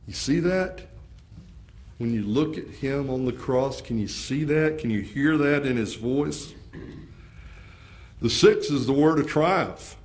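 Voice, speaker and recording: A man preaching a sermon, moving from hushed, quiet passages to fervent emphasis and pressing his listeners with repeated rhetorical questions. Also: mid-range voice, slow pace, pauses often. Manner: impassioned, rising from hushed to fervent.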